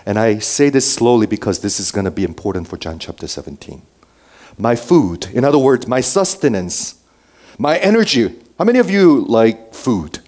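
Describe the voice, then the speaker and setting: A male pastor preaching a sermon to a congregation, swinging between raised emphasis and hushed near-whispers and often checking in with "okay?". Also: medium pitch, very animated, normal speed. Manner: checks in with the listeners with frequent "okay?". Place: church before a congregation.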